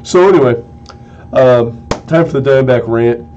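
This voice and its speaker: A man's voice: medium pitch, normal speed, darkish tone, dull audio, a little hiss or hum. A man hosting a live-streamed sports opinion show, ranting with heated, exasperated outbursts and mild cursing.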